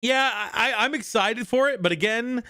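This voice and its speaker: A man's voice: very high voice, normal speed, sharp tone, clear, resonant tone, no room sound, studio quality. A man, a voice actor, chatting casually on a stream while tipsy, rambling and correcting himself as he rants. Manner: rambling, self-correcting, mid-rant. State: tipsy from drinking.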